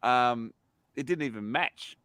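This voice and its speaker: A man's voice: medium pitch, measured pace, a bit bright, smooth, dry recording. A man joking and stammering in casual stream banter.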